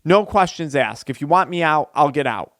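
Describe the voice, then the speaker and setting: A man's voice: a little high, expressive, moderate pace, a bit bright, no echo, studio quality. A man voicing a sly, ingratiating hitchhiker in a spoken story. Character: sly, smooth-talking friendly hitchhiker.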